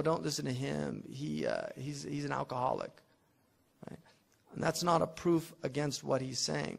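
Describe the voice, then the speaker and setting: A man's voice: fairly high pitch, gravelly. A man teaching logic as an Islamic scholar, explaining a classical text in a conversational classroom lecture and mixing Arabic terms into his explanations.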